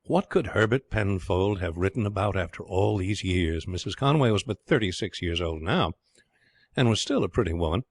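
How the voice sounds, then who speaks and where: A man narrating an audiobook in a steady, clear storytelling manner. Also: deep voice, moderate pace. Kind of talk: scripted narration.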